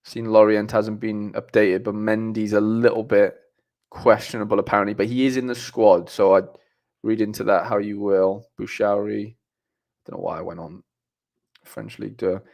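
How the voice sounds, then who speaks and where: A young man hosts a live stream on his own and chats through viewer comments. His voice sits a little low. He talks in a loose, rambling way, full of fillers and restarts. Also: darkish tone. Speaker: livestream host.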